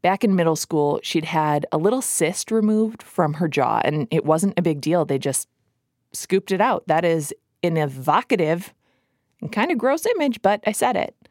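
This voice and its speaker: Low-voiced Minnesotan woman narrating over music. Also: animated, moderate pace, darkish tone, no room sound, clean studio sound. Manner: wry, playful storytelling. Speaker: podcast host and narrator. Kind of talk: scripted narration. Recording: music bed under the voice.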